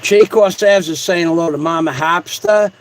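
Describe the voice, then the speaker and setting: A man hosting a casual livestream, reading out viewer comments in a rambling, joking way with repeated shout-outs. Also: on the high side, moderate pace, a little hiss or hum, rough recording. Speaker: livestream host.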